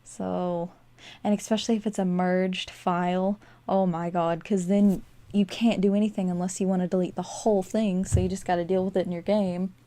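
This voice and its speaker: Chatty young woman with a mellow voice. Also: on the low side, level tone, moderate pace. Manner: rambling, chatty, with frequent fillers and little laughs. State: sleepy, yawning. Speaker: game building vlogger. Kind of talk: casual voice-over commentary while building. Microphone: desk microphone.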